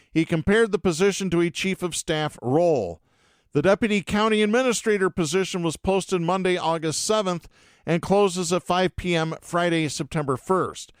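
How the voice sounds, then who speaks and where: Male podcast host, sarcastic news reader with indignant asides, bright clean tone, dry sound. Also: sits high, clear, resonant tone, no echo. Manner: sarcastic, indignant asides between read stories. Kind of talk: reading news stories with commentary.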